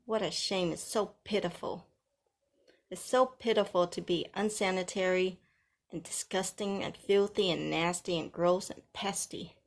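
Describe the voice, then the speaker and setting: Slow, bossy woman taunting. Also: on the low side, fairly even intonation, creaky. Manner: mocking, bossy, commanding. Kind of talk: taunting vlog rant.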